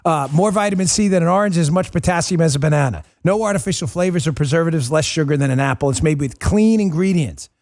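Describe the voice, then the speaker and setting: Fast-talking combative male talk host. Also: a little high, a little mellow. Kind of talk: political talk show.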